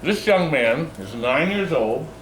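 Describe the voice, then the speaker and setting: A man's voice: on the high side, expressive, takes it slowly, fairly bright tone, echoey room, a little hiss or hum. A man hosting a casual, joking video from his arcade game shop, teasing his guests and staff with playful outbursts. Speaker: host of a pinball shop channel. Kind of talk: casual joking chat on camera.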